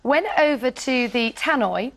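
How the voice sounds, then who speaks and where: A woman's voice: a little high, expressive, measured pace. A woman on a TV show running through the morning papers in a breezy, amused way, often laughing through the stories. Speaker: guest newspaper reviewer. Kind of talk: reading and chatting about news stories. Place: TV studio.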